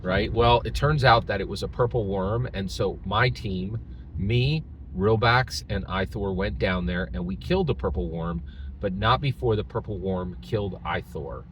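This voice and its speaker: A man's voice: fairly low pitch, moderate pace, slight background noise, rough recording. A man hosting his channel, casually retelling a tabletop game session and rambling with many restarts. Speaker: channel host.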